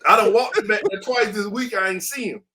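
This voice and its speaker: A man with a high voice tells his story casually as an interview guest. His talk is slangy and animated, and he acts out the sounds himself. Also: fairly quick, slight background noise.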